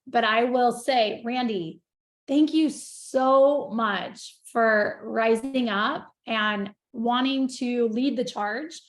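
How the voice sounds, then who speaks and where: Woman, high voice, gushing and passionate, video call in an echoey room. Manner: gushing, passionate, wells up with emotion. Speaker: guest on a group video call. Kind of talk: emotional casual sharing.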